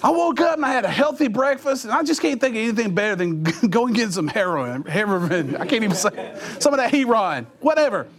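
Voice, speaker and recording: A middle-aged man giving a comic, animated storytelling talk as a motivational speaker, acting out voices and sound effects. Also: high voice, a little fast, few pauses.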